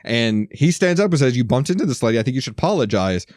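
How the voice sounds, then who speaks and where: A man's voice: medium pitch, sing-song, fast, darkish tone, dry recording, studio quality. A man co-hosting a podcast, casually recapping film scenes and laughing often. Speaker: podcast co-host.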